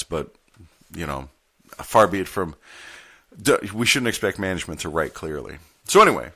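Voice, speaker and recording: A man's voice: low voice, expressive, brisk, sharp tone. A man hosting a podcast, telling a story in a wry, candid manner and reading papers aloud as he goes. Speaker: podcast host and postal union steward. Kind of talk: storytelling monologue.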